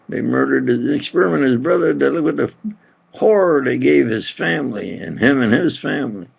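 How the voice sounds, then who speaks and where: Man, slow husky gravelly talker, rambling agitated monologue, dull lo-fi home video sound. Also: medium pitch, lively intonation.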